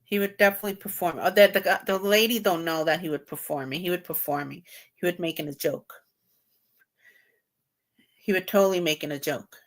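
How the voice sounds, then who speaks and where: A woman hosting a tarot video, reacting to a clip and thinking aloud in halting, repetitive phrases with loose grammar. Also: on the low side. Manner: halting, repeats herself, broken grammar. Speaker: tarot reader host. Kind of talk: casual thinking-aloud commentary.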